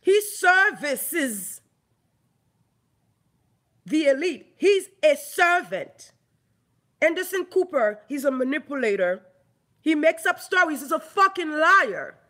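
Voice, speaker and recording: A woman's voice: high voice, sing-song, slow pace, pauses often, bright, forceful tone. A Haitian woman ranting angrily into her own online video, heated, mocking and full of profanity. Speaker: online commentator. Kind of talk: angry ranting vlog.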